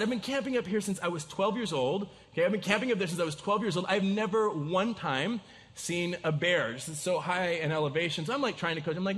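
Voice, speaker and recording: A man preaching a sermon, telling a story in a lively, casual way with many restarts. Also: on the high side, quick pace. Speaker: pastor. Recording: reverberant hall.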